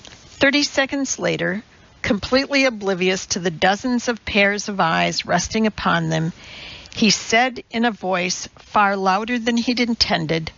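Slow, gravelly woman narrating a novel. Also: medium pitch, a bit bright. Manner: measured, unhurried storytelling. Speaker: audiobook narrator. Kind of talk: audiobook reading with character voices. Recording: dull lo-fi recording.

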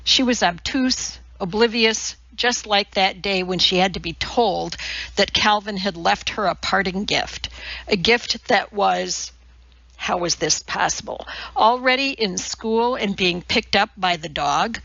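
A woman narrating a novel slowly and deliberately. Her voice is bright with a gravelly fry, recorded dry and close with a slightly dull, lo-fi tone. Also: mid-range voice, no echo. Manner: measured, clear storytelling. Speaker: audiobook narrator. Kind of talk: scripted narration.

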